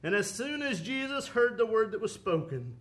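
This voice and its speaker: A man's voice: high-pitched, sing-song, moderate pace, fairly bright tone. A man preaching a sermon with an impassioned, rising and falling cadence, quoting scripture.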